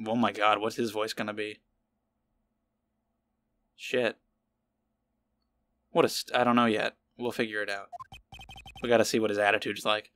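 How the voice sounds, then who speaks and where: A man's voice: lowish voice, level tone, normal speed, long pauses, fairly bright tone, soft background music. A young man in his twenties casually commenting on a game he plays, rambling and self-deprecating as he thinks aloud. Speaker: let's play host. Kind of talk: casual let's play commentary and reading.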